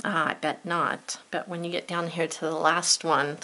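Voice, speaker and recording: A woman's voice: sits low, little pitch movement, moderate pace, pushed and bright. A woman teacher giving a spelling lesson to children, playful and drawn out, with teasing asides.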